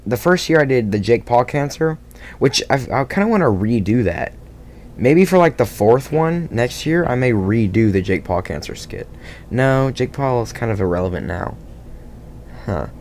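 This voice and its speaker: A man's voice: medium pitch, darkish tone, a little hiss or hum. A man casually talking about his own video, rambling and self-critical with lots of fillers and restarts. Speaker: video creator. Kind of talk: casual behind-the-scenes vlog talk.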